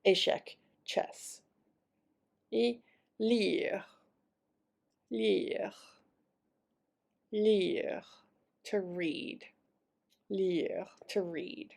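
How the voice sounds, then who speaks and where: Slow, gravelly-voiced woman teaching French words. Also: mid-range voice, mellow. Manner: repeats each French word slowly, then explains in casual English. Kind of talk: vocabulary lesson.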